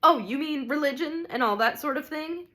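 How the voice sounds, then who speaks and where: A bitter mother's ghost, put on by a woman reading aloud, clinging fiercely to her lost son. Her voice sits high and turns sharp and snappish. It is an audiobook character reading. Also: normal speed. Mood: indignant. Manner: sharp, snappish, rising to shrill.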